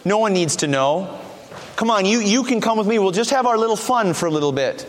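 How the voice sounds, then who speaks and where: A man's voice: high voice, animated, a little fast. A male preacher voicing a seductive, scheming wife in a sermon retelling, coaxing and accusing. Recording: long hall reverb.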